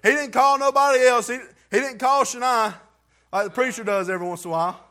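A man's voice: very high voice, fast, sharp tone. A man reading scripture aloud and giving an earnest, heartfelt testimony in plain everyday grammar. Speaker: church member giving testimony.

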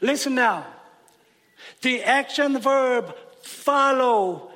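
A man's voice: very high-pitched, fairly bright tone. A male pastor preaching a sermon, emphatic and joking, chuckling at his own humor. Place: church sanctuary. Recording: long church reverb.

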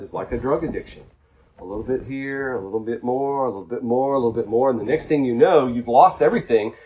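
A man's voice: medium pitch, darkish tone, a little hiss or hum, rough recording. A man preaching a sermon, earnest, repeating phrases and building to fervent peaks. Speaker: pastor.

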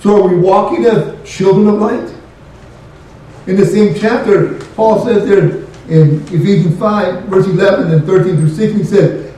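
A man's voice: high voice, normal speed, warm tone. A man preaching a sermon, emphatic and questioning, repeating key phrases to his congregation. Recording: very echoey room, voice from a distant mic.

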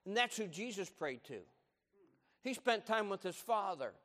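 A middle-aged man preaching a sermon, swinging from loud, animated emphasis to hushed, low tones. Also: normal speed, in a large hall. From United States. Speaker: pastor.

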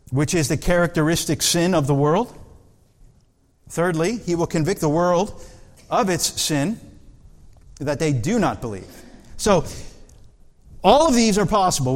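Preacher man in a reverberant hall. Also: a little high. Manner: asks the congregation rhetorical questions. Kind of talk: sermon.

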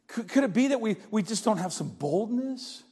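An older man preaching a sermon in a church, telling a story dramatically and swinging from hushed tones to shouting. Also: sits high, animated, normal speed, slightly rough. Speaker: pastor. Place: church sanctuary.

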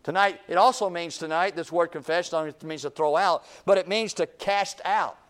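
Male revival preacher, fairly high-pitched, swings between booming and near-whispered lines. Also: normal speed. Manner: swings from booming to hushed, repeats phrases. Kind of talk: revival sermon.

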